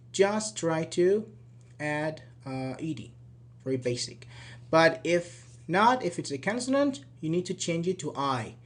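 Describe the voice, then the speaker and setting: A man teaching English spelling rules from slides, with Persian as his first language, repeating word pairs and checking in with "okay" and "uh-huh". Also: on the high side. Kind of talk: slide-based grammar lesson.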